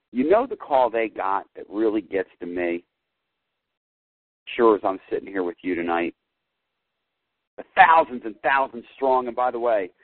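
A man hosts a call-in sports talk show and rants to his listeners, dropping to a mutter and then flaring up loud. His voice comes through thin and tinny like a phone line. The sound is dry, with no room around it. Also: on the low side, dry recording. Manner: fired-up, ranting, swings between muttering and loud.

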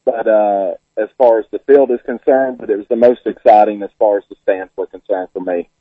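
A man's voice: lowish voice, steady tone, brisk, slightly rough, no echo. A Southern man calling in to a sports radio show on the phone, heartfelt and emotional. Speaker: caller. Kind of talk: phone-in chat. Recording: tinny phone line.

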